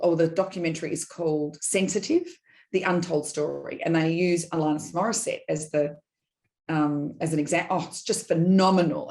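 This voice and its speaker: A middle-aged woman, a podcast guest, telling personal stories in an animated, digressive way and acting out quoted dialogue. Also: sits low. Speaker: guest, business consultant. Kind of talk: candid personal storytelling in a podcast interview.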